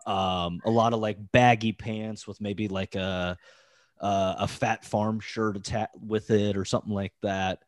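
A man's voice: fairly low pitch, level tone, measured pace, no echo, clean studio sound. A man hosting a podcast, telling a story in casual chat, rambling with lots of "like" fillers and restarts. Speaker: podcast host.

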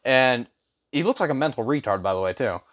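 A man's voice: mid-range voice, big pitch swings, racing, muffled recording. Rambling young man telling a story. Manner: rambling, with frequent fillers and slang. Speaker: vlogger. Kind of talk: casual storytime rant.

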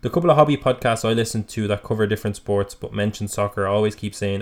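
A man co-hosting a podcast in casual chat, animated and emphatic, often cutting in. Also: on the low side. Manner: animated, emphatic, quick to jump in. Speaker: podcast co-host.

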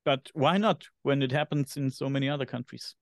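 A man with a German accent, co-hosting a podcast in casual chat and sometimes pausing to search for English words. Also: medium pitch, no room sound, clean studio sound. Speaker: podcast co-host.

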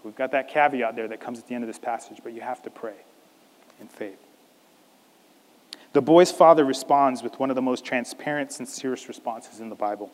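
A man preaching a sermon as a pastor, animated, acting out a scripture scene in different voices. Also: medium pitch, fairly quick, in a large hall.

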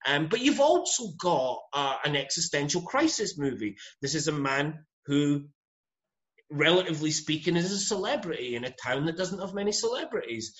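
Scottish guy on a podcast, kinda high voice, teasing and blunt, dull lo-fi sound. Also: lively intonation, normal speed, fairly bright tone. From Scotland. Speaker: podcast co-host. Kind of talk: casual chat.

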